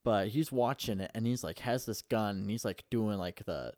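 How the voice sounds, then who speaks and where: A man's voice: fairly low pitch, moderate pace, a little mellow, no echo, clean studio sound. A young man casually recapping a movie in a rambling, profane way, full of fillers.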